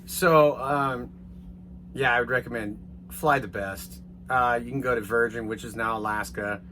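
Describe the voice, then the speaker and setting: A man telling a rambling, casual story to his viewers, swearing now and then and getting animated as he retells it. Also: medium pitch, measured pace, a little hiss or hum. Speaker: vlogger.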